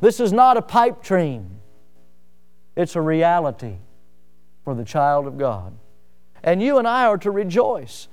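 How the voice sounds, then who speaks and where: A man preaching a sermon, telling homely stories with fillers and swinging from loud rises to soft drops. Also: a little high, big pitch swings, unhurried, pauses often, smooth, faint music behind. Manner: folksy storytelling with fillers. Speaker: pastor.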